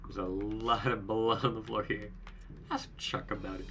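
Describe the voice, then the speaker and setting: A man playing a game and reading its text aloud, adding wry, deadpan asides, with game music underneath. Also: fairly low pitch, moderate pace, a little hiss or hum. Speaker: game player.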